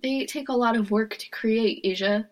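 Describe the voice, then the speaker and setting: A woman co-hosting a casual podcast chat, earnest and soft-spoken. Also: fairly high pitch, moderate pace. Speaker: podcast co-host.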